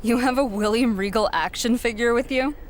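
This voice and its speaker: A woman's voice: a little high, fairly quick, slight background noise, natural voice. A woman voicing a jealous, snide young female rival wrestler in a video game.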